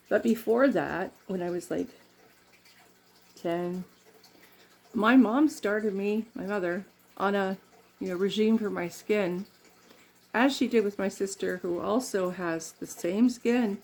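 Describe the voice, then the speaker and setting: A woman's voice: mid-range voice, a little mellow. A middle-aged woman from Canada chatting in a rambling way while doing her makeup, laughing often. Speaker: makeup vlogger.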